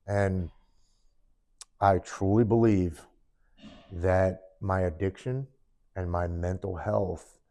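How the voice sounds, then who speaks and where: Guest, man, very low voice, earnest first-person storytelling in the present tense, sit-down interview. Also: dark tone. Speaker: podcast guest. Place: studio, in person with hosts.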